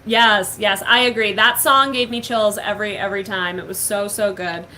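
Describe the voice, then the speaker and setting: A woman's voice: mid-range voice, steady tone, normal speed, bright, forceful tone, a little hiss or hum, low-quality recording. A young woman hosting a casual online show, gushing and upbeat, with lots of filler words. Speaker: host. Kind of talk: casual chat.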